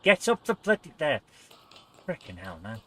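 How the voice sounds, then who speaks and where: Here the let's play host speaks at normal speed in a high-leaning, fairly bright voice with huge swings in pitch. His casual commentary is full of exclamations and mild cursing, and he laughs at his own driving.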